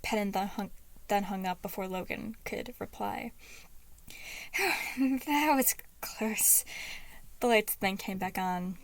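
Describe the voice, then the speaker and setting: A woman reading a fan fiction story aloud as narrator, in a plain, unhurried way. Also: medium pitch, steady tone, creaky, no echo. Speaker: fanfic reader.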